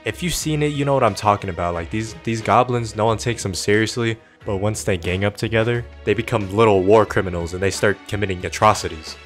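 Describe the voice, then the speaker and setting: Brief: man, lowish voice, profane sarcastic ranting, comedic gaming voice-over. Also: a little fast, few pauses, faint music behind. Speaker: gaming video narrator.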